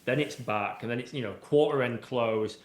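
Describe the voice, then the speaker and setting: A man's voice: mid-range voice, moderate pace. A man with a middle-range voice answers interview questions in a loose, conversational flow. He keeps checking in with "right?" and filling with "you know" while he explains. The recording carries a roomy echo. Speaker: AI and automation expert, podcast guest. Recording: roomy echoey room sound.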